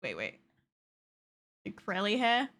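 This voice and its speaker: A woman's voice: medium pitch, huge pitch swings, slow pace, a bit bright. A woman casually commenting on her gameplay, swearing often with playful exasperation. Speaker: game streamer.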